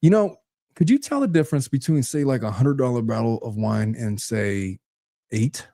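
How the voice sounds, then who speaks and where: A man co-hosting a podcast, chatting casually and joking, with animated storytelling and voices for the people he quotes. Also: medium pitch, normal speed, no echo, studio quality. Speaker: podcast co-host. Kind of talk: casual chat.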